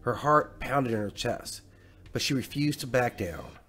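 A man's voice: mid-range voice, animated, a little slow, sharp tone, faint music behind. Man narrating a dramatic bedtime story.

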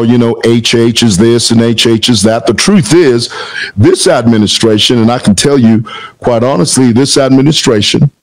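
Combative Zambian man, lively pitch. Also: rough recording. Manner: combative, rhetorical, repeats phrases. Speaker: political commentator. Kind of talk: heated reaction commentary.

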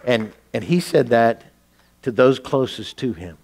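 A man's voice: mid-range voice, unhurried, a little mellow. A middle-aged man preaching a sermon, telling a story earnestly with frequent restarts. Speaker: pastor. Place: church sanctuary.

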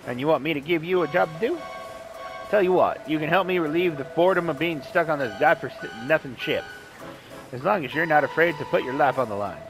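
A man's voice: fairly high pitch, lively intonation, fast talker, low-quality recording. A man voicing a cocky, mocking male skeleton sailor in a put-on Southern accent over game music. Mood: taunting. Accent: put-on American Southern. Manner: taunting, brash, cackling laugh.

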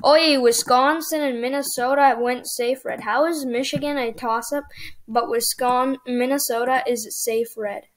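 A woman hosting casual gameplay commentary, thinking aloud and getting excited as the results come in. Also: high voice, normal speed. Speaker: gaming channel host.

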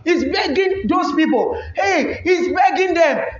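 A man preaching a sermon, building to shouted emphasis and firing rhetorical questions at the congregation. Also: extremely high pitch, lively intonation, measured pace. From Ghana. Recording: echoey church hall, dull lo-fi.

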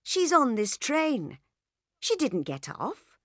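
A woman's voice: sits high, huge pitch swings, slow, dry recording, studio quality, pitched above the performer's own voice, full character voice. A woman reading aloud and voicing an upset young husband who pleads in disbelief. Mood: worried.

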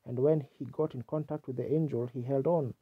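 A man's voice: mid-range voice, fairly even intonation, brisk, slightly rough, dry recording. A man preaching a sermon with fervent exclamations, heard on a dull, lo-fi archival tape.

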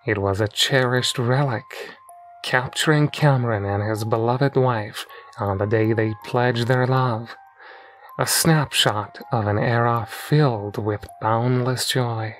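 A man reading a scripted horror story in a slow, measured storytelling manner. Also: mid-range voice, steady tone, low-quality recording. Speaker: narrator. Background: faint music.

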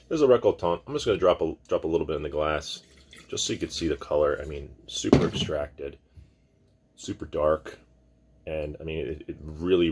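A man casually talking through a wine tasting at home, rambling and relaxed with many restarts. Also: very deep voice, background noise. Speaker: wine vlogger.

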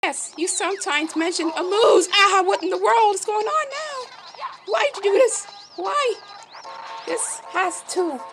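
A woman streaming a game, chatting to the animals in it like pets and breaking into lively exclamations. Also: very high voice, a little slow, music in the background, rough recording. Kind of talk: casual game commentary.

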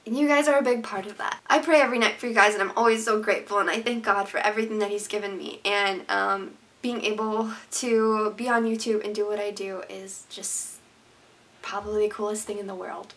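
A woman's voice: medium pitch, fairly even intonation, a little fast, a bit bright. A young woman vlogging to her viewers, emotional and sincere, talking openly with lots of "like" and restarts. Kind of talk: heartfelt casual vlog to viewers.

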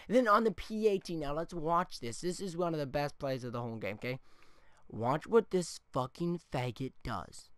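A man's voice: a little high, clear, resonant tone, dry recording, clean studio sound. A man ranting through gameplay commentary with heavy swearing, often tagging his points with "okay?". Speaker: gaming YouTuber. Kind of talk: angry gameplay rant commentary.

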